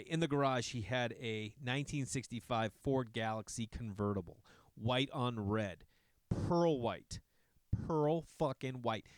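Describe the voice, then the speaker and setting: A man telling a long personal story in a casual, animated way, swearing often and jumping into asides. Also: mid-range voice, no room sound.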